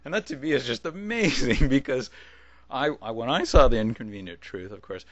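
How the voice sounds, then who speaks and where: A video blogger rambles casually in a video response, restarting sentences and chuckling as he interrupts himself. His mid-range voice is animated and a little fast, and the recording is dry and muffled.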